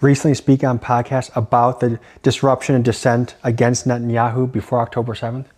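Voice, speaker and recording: A man's voice: mid-range voice, flat delivery, brisk, a little mellow. A man interviewing guests for a documentary, asking probing, direct questions.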